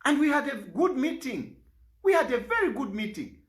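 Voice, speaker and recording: A man's voice: very high-pitched, big pitch swings, moderate pace, fairly bright tone. A man with a Zambian accent making an aggrieved, pleading public statement, repeating himself for emphasis. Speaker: politician.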